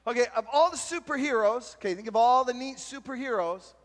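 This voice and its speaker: A youth pastor giving an animated storytelling talk at a youth retreat and shouting out the punchlines. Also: male voice, very high voice, brisk. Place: large retreat meeting hall. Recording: long hall reverb from a live talk.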